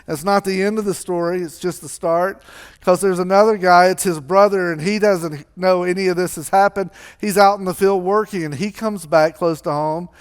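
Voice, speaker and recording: A man's voice: high voice, fairly even intonation, moderate pace, clear, resonant tone. A man preaching a sermon, telling a story in a conversational way and acting out its characters. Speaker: pastor.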